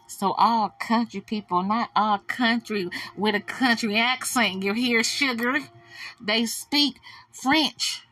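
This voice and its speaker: A woman hosting a celebrity gossip show, blunt, animated and profane. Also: medium pitch, husky. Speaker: host.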